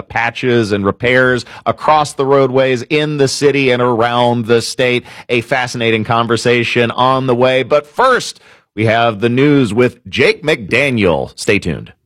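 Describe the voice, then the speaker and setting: A man's voice: mid-range voice, no echo. A man hosting a talk radio show, giving opinionated, sarcastic commentary.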